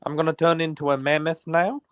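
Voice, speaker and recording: A man voicing a robot leader as a laid-back dude in a slack, halting drawl, as a comic impression. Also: on the high side, fairly even intonation, fairly bright tone, smooth, no echo, lightly acted. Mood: lazy goofy. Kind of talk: comic impression in casual chat.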